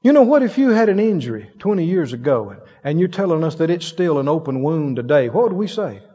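Delivering his sermon briskly, this preacher has a husky, somewhat high voice. He brings his stories to life with laughter and acted-out voices, captured in a dull-sounding recording full of long hall reverb.

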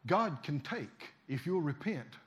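A man preaching a sermon in a church, telling a story and then rising to loud exhorting with frequent hallelujahs. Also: fairly high pitch, big pitch swings, slow pace, highs cut off, slight background noise.

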